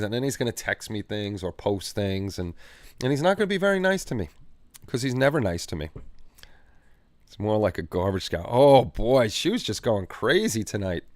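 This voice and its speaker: A man's voice: fairly low pitch, animated, moderate pace, no echo. A man hosting a livestream, chatting casually and reading viewer comments in a rambling, easygoing way with repeated phrases. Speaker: livestream host. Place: home hobby room.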